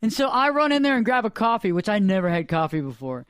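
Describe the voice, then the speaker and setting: A man hosting a radio show, telling a story in a rambling, animated, dramatic way. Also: high-pitched, fast, clear, resonant tone, no echo, studio quality. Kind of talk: casual storytelling chat. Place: radio studio.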